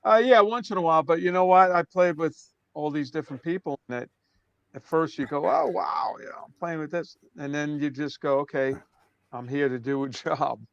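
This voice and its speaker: A man in his sixties from Brooklyn with a New York accent, telling stories as an interview guest in a relaxed way that trails off softly. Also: fairly high pitch, fairly quick, clear, resonant tone, no room sound, highs cut off. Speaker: drummer guest. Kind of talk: casual interview storytelling.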